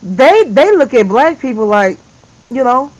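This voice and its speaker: A man's voice: very high-pitched, big pitch swings, unhurried, dull audio. A man in a casual live discussion, rambling with frequent laughs and restarts. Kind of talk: casual chat.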